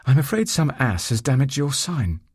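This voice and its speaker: A man's voice: medium pitch, sing-song, normal speed, a little mellow, breathy edge, no echo, studio quality, voice pushed up. A man voicing a bold, forthright young woman who acts in amateur theatre. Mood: brash.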